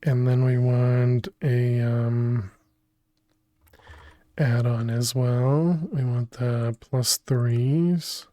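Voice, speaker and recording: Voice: medium pitch, fairly even intonation, extremely slow, warm tone, dry recording. A game streamer talking through a build during a live stream, muttering and restarting sentences as they think aloud, from a home room on a desk microphone. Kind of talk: casual live-stream gameplay commentary.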